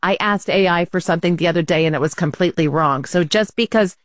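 A woman co-hosting a casual talk show, telling a story with animated quotes and laughs. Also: lowish voice, fast talker, dry recording, studio quality.

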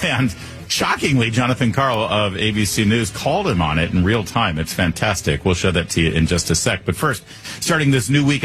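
A man's voice: lowish voice, slightly rough. A man hosting a political talk show, delivering a monologue with sarcastic asides.

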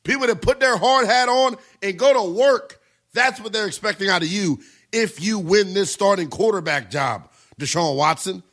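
A man's voice: sits high, moderate pace, fairly bright tone. A man hosting a sports talk radio show, giving brash, emphatic opinions and taking calls.

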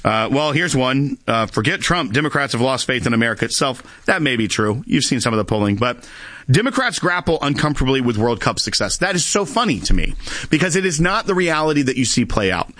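A man hosting a call-in radio talk show, talking briskly and conversationally, and reading headlines aloud to his listeners. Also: mid-range voice, expressive, a bit bright, no room sound.

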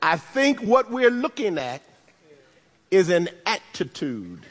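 A man preaching a sermon, animated, with humorous asides and bursts of shouting. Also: sits high, slow pace, slightly rough, long reverb tail. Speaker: pastor.

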